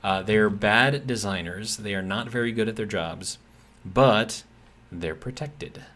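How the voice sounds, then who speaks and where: A man's voice: fairly low pitch, unhurried, fairly bright tone. A man streaming a game, telling a long, exasperated work story in a rambling, casual way with lots of fillers. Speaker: gaming streamer. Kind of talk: casual ranting chat while gaming.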